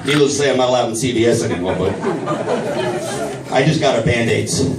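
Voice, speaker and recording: A middle-aged man doing a crude, rambling stand-up set for a live audience, bursting into shouted voices for his own reactions. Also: medium pitch, fairly quick. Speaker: stand-up comedian. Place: comedy night at a vape shop, live audience. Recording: roomy live venue, mic from a distance, crowd noise. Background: audience laughter and clapping.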